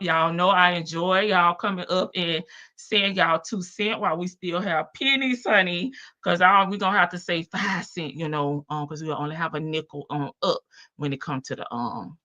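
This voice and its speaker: A woman's voice: lowish voice, dull audio. A woman with a Southern US accent, hosting a live stream and chatting casually as she reads viewer comments. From American South. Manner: chatty, animated, drawn-out Southern phrasing. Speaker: livestream host.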